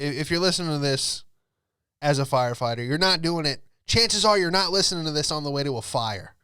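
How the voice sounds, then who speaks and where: A young man hosting a comedy podcast, telling rambling jokey stories and slipping into quick impressions of people. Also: mid-range voice, a bit bright, clean tone, no echo, studio quality. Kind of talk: comedic storytelling monologue.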